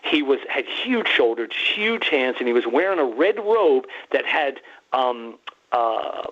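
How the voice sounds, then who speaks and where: A man telling an excited, rambling story on a radio talk show, restarting often and quoting himself and others. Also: medium pitch, unhurried. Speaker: guest researcher. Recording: muffled phone-line call-in.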